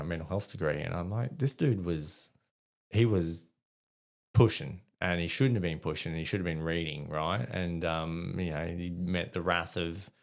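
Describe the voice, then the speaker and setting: A man's voice: deep voice, vocal fry. An Australian army veteran in his forties telling stories casually, rambling with fillers and restarts and acting out dialogue. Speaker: podcast guest, army veteran. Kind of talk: casual storytelling.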